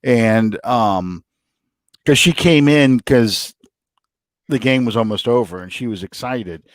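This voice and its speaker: A middle-aged man co-hosting a casual sports chat from home, rambling and excitable as he tells his stories. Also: mid-range voice, slow, dry recording. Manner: excitable, rambling, animated storyteller. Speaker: podcast co-host. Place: home, room with a TV.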